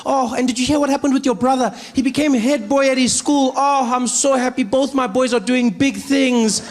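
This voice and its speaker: A man voicing a doting middle-aged mother who gushes with breathy "oh"s. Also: sits high, steady tone, moderate pace, darkish tone, pitched above the performer's own voice. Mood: gushing. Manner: effusive, breathy "oh"s.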